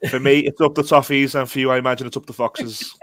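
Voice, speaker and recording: A man's voice: mid-range voice, little pitch movement, quick pace, a bit bright, no room sound. A man with a Scouse accent hosting a casual football podcast, chatty and self-deprecating with joking banter. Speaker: podcast host.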